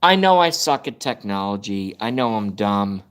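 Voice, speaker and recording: A man's voice: fairly low pitch, big pitch swings, normal speed, a bit bright, smooth. A man hosting a casual live stream from his phone, ranting in frustration and swearing about his device. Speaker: livestream host. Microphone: phone camera at arm's length.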